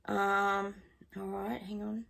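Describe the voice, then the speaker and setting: Chatty woman, gravelly voice. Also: medium pitch, little pitch movement, slow, a bit bright. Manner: chatty, sings song snippets, trails off. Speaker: psychic. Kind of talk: casual psychic reading monologue.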